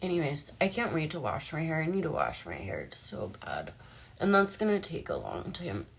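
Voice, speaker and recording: A woman's voice: low voice, huge pitch swings, a little fast, vocal fry, slightly rough. A young woman talking casually and emotionally in a personal vlog, chatty and full of fillers. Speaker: vlogger.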